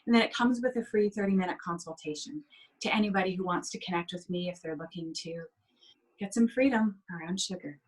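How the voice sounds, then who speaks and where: A woman coaching on sugar addiction as a guest in an interview, speaking gently and heartfelt, sometimes acting out inner voices. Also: lowish voice, fairly quick, low-quality recording. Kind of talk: interview over video call.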